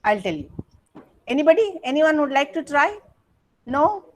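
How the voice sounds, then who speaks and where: A woman's voice: high voice, very animated, moderate pace, rough recording. A woman with an Indian English accent teaching English grammar in an online coaching class, coaxing students to respond, with frequent fillers and self-corrections. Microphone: video call.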